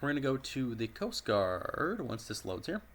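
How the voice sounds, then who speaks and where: Man, mid-pitched and raspy, casual gameplay commentator who keeps clearing his throat. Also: moderate pace. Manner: steady, methodical narration of each call. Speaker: game commentator. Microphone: personal desk microphone.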